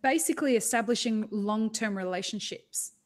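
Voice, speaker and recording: A woman with an Australian accent hosting a podcast interview, chatty and quick to joke. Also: on the high side. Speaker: podcast host. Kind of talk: casual interview chat.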